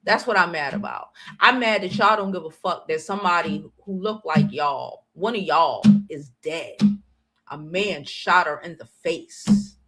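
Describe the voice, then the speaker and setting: A sharp, bright-voiced woman from the United States hosts her own livestream commentary. She talks bluntly and profanely and goes after people in her chat head-on. Her level jumps from loud outbursts down to low muttering. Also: unhurried, faint music behind. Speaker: channel host.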